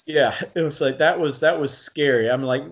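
A man from Alabama, an actor guest telling lively anecdotes in a casual interview, often laughing and acting out quotes. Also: a little high, normal speed, muffled recording. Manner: animated anecdotes with frequent laughter and acted-out quotes.

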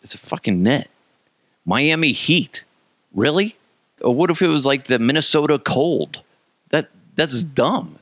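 A man in his thirties rants sarcastically as a comedy host, his voice leaping up and down with a gravelly rasp. The sound is dry and close, with no room around it. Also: on the high side, animated, a little slow, fairly bright tone, dry recording. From Colorado, USA. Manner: sarcastic, mocking, jumps into silly voices. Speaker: podcast host. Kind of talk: comedic solo rant.

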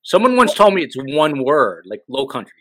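A man's voice: on the high side, sing-song, normal speed, a bit bright, no room sound, poor audio. A middle-aged man from New Jersey hosting a podcast in a casual, joking way with rambling asides. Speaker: podcast host.

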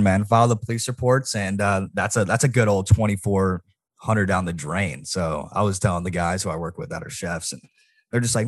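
A hoarse young man co-hosting a podcast, telling stories casually and swearing freely. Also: lowish voice, brisk, dry recording, clean studio sound. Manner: swears freely, animated storytelling. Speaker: podcast co-host.

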